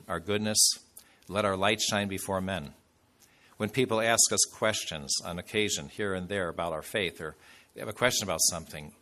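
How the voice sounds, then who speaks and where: A man's voice: low-pitched, bright, forceful tone. A man preaching a sermon as a bishop, telling a story in a loose, conversational way with fillers and asides.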